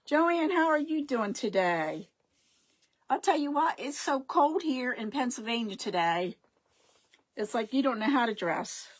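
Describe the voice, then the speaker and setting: A woman's voice: on the high side, lively intonation, unhurried. A middle-aged woman hosting a casual live craft stream, rambling and chatty, often losing her words and greeting her viewers.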